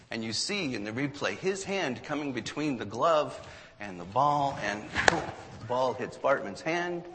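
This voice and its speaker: Male storyteller, mid pitch, animated delivery, bright tone, reverberant hall. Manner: animated storyteller, acts out quotes. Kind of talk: storytelling talk to an audience.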